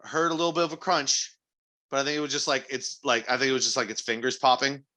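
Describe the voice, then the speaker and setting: A man with a bright, forceful voice co-hosting a podcast. He talks bluntly in casual chat and cracks crude jokes. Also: mid-range voice, flat delivery, fast. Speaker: podcast co-host.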